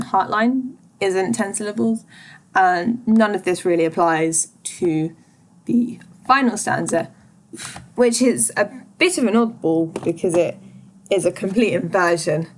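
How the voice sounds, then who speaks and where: A woman giving a revision lesson on a poem, thoughtful and pausing often with small fillers. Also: mid-range voice. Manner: slow, thoughtful, pauses often with ums. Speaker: teacher.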